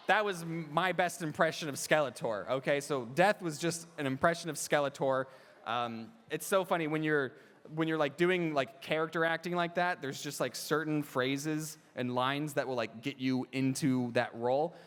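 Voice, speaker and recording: A man's voice: fairly high pitch, moderate pace, a bit bright. A young man answering fan questions on stage at a live panel, rambling, laughing and restarting his sentences, on a handheld mic in a large hall. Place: large convention hall, in front of an audience. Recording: echoey convention hall PA.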